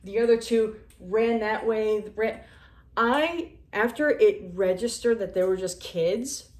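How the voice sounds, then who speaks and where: A woman's voice: medium pitch, a little slow. Chatty woman telling stories in an echoey kitchen. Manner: animated, chatty, talking while eating. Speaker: vlogger. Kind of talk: casual storytelling. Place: home kitchen. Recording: echoey room.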